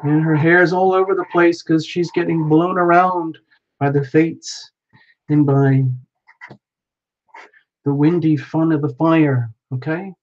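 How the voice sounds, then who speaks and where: A man's voice: a little high, level tone, takes it slowly, long pauses. A playful man chatting with his live viewers as he paints, narrating each step with frequent exclamations. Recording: dull lo-fi sound.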